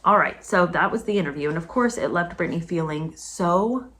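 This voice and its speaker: A woman giving a casual commentary vlog as a book reviewer. She talks emphatically and indignantly, with sudden high-pitched outbursts. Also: lively intonation, moderate pace, fairly bright tone.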